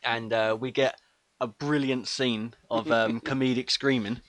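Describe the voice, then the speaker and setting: A man's voice: mid-range voice, steady tone, unhurried, fairly bright tone, no echo. A man co-hosting a podcast, recapping a film's scenes in casual chat and laughing often. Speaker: podcast co-host.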